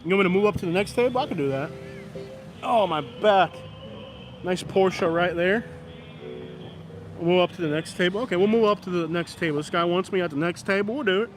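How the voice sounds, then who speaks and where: A man's voice: high-pitched, brisk, long pauses, faint music behind. A man, chatting casually and rambling to his viewers on a live stream from a downtown street at night, filmed on a camera stand.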